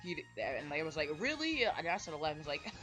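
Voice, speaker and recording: A man's voice: on the high side, very animated, a little fast, fairly bright tone. A man ranting casually to camera, rambling and tagging his sentences with "bro" and "right?". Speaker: vlogger. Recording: dull lo-fi mic with faint music.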